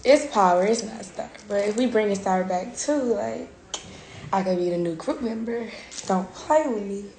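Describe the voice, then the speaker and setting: A woman's voice: mid-range voice, normal speed, vocal fry, a little mellow, echoey room, a little hiss or hum. A young woman chatting casually on a phone livestream, playful and teasing, laughing often. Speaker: social media host.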